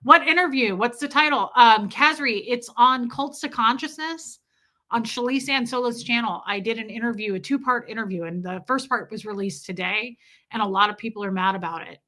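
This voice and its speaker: A woman hosting a live stream talks at a moderate pace, her voice high-leaning, pushed and bright. She replies to viewer comments individually in a casual, affectionate manner.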